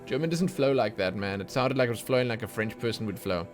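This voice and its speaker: A man's voice: mid-range voice, quick pace, faint music behind. Chatty man streaming a game. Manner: chatty, excitable, thinks aloud. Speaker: streamer playing a video game. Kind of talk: casual let's play commentary.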